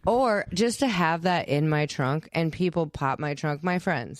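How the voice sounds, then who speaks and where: A woman's voice: normal speed, hardly any pauses, dry recording, studio quality. A woman co-hosting a casual chat, playful and jokey, telling stories with big swings in her voice. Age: adult with a child. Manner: playful, jokey storyteller with lively swings in pitch. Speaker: podcast co-host.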